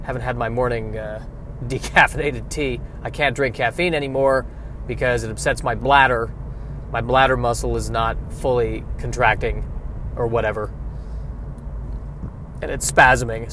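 A man's voice: medium pitch, fairly even intonation, moderate pace, a bit bright, a little hiss or hum. A man hosting a solo podcast from his car, rambling in a wry, self-deprecating way. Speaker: podcast host. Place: in a car by a street.

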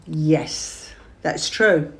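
A woman's voice: sits low, very slow, vocal fry. A middle-aged woman from England telling family stories in a chatty, laughing manner, hosting a casual chat. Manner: chatty, storytelling, laughing often. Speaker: podcast host.

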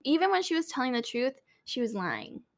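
A woman's voice: high-pitched, big pitch swings, a little fast. A woman co-hosting a podcast, telling a story in a casual, chatty way, full of "like" and "um" and free with swear words. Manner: chatty, filler-heavy, swears freely. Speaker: podcast co-host.

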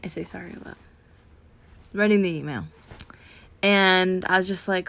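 A woman's voice: lowish voice, normal speed, gravelly, long pauses, dry recording. Rambling, self-deprecating woman podcast host. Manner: rambling, self-deprecating, jumps between tangents; animated storytelling with voiced asides. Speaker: teacher. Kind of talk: casual podcast chat.

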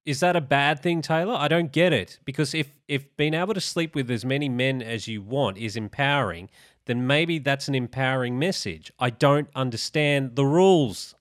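Aussie cohost guy, laid back, lots of uhs, normal pitch, dry close mic. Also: moderate pace, dry recording. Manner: easygoing, sets up topics with fillers. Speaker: podcast co-host. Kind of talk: casual opinion chat.

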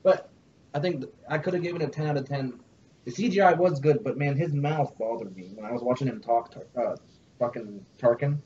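A fast, emphatic man who swears his way through a podcast chat. His voice rings in a roomy space with a muffled sound, a faint hiss and a low rumble underneath. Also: a little mellow. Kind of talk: casual chat.

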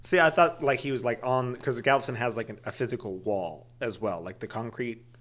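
A man with an ordinary mid-range voice co-hosts a relaxed chat. He teases, laughs easily and interrupts with questions. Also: medium pitch, brisk. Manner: teasing, asks questions, laughs often. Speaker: podcast co-host. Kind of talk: casual chat.

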